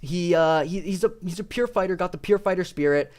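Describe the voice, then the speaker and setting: Profane rambling young man, high voice. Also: a little fast, darkish tone. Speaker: video creator. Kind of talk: casual ranting commentary.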